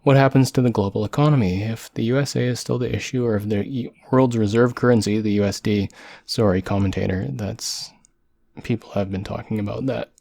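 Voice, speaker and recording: Man from canada, low voice, hoarse, halting self-corrections, dry close mic. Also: darkish tone, no echo. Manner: halting, self-correcting reading with apologetic asides. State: voice going hoarse from long talking. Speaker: solo podcaster. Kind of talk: reading a chatbot's text aloud with spoken asides. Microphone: microphone close to the mouth.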